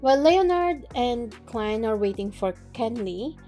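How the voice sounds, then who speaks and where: A woman casually recapping a novel chapter by chapter, chatty and quick to laugh, with plenty of fillers. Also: on the high side, animated, mellow, soft background music. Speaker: book recap creator.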